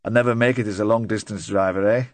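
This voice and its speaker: A man's voice: on the low side, fairly even intonation, fast, no room sound, close to an everyday voice. A man voicing a nervous, talkative middle-aged van driver who rambles and tries to joke his way through questioning. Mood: chatty, uneasy. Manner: rambling, eager to please, forced joviality.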